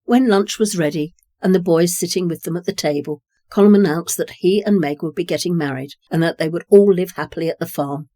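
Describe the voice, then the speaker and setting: A calm narrator reading a short story at a measured pace. The voice is mellow and warm, recorded close and dry with no room sound. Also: mid-range voice, no echo.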